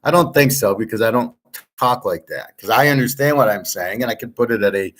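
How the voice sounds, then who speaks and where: A man hosting his own sports betting and finance channel rants to camera, angry, blunt and swearing heavily. His voice is medium-pitched, expressive, a bit bright and a little fast.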